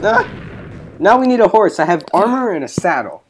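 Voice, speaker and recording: A man's voice: sits high, normal speed, noisy background. A man hosting a game channel, giving casual let's-play commentary and yelping at the game. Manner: excitable, yelps and laughs at the game. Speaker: gaming channel host.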